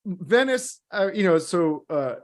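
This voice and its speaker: A man's voice: sits high, animated, measured pace. A man talking as a guest in a casual chat, rambling through stories in laid-back slang with many fillers. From Los Angeles area.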